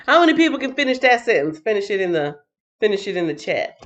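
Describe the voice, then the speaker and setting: A woman hosts a livestream and chats with viewers in a playful way, tired after a night shift. Her voice swings widely up and down, and the stream audio sounds dull and lo-fi. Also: mid-range voice. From Texas. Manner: animated and playful, breaks into sing-song bits. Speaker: livestream host. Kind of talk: casual livestream chat, reading chat comments.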